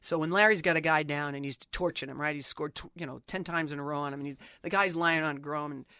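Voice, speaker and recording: A middle-aged woman sportswriter, an animated storyteller, talking casually as an interview guest. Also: low-pitched, smooth, no echo. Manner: animated storyteller, quick and talkative.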